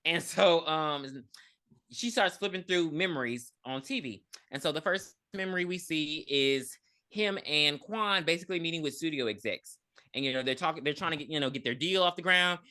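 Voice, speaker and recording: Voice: mid-range voice, moderate pace. A podcast co-host recapping a movie in casual chat, telling the story with lots of profanity and acting out the characters. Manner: profane, animated storyteller who acts out characters.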